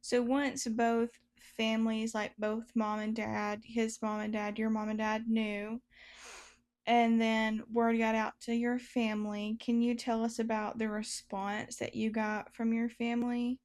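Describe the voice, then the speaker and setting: Flat-toned woman podcast host. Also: on the high side, unhurried. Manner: guides with questions and recaps what the guest said. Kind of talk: interviewing.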